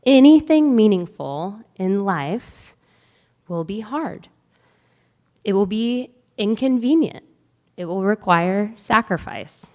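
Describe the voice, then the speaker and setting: A woman in her thirties, a faculty speaker at a white coat ceremony, telling a personal story in a conversational, chatty way. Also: medium pitch. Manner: conversational, chatty, with light laughs. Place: large theatre. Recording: long theatre-hall reverb.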